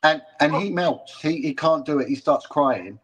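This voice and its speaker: A man, a former policeman, talking in a casual interview, halting and restarting often as he tells a story. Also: on the high side, expressive, husky. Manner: halting, with many restarts and repeated words.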